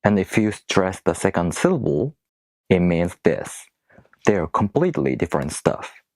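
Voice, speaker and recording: A man teaching in English, which is not his first language. His voice is low and swings widely in pitch as he asks rhetorical questions and slowly sounds out syllables. The sound is dry and close. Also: sing-song, no room sound. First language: non-English speaker. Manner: rhetorical questions, slow careful demonstrations of stress. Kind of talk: explanatory video lesson.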